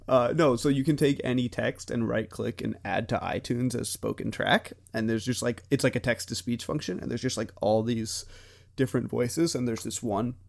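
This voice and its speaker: A man's voice: medium pitch, normal speed, vocal fry. A young man in his twenties co-hosting a podcast, chatting casually and rambling with frequent laughs. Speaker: podcast co-host. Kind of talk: casual chat.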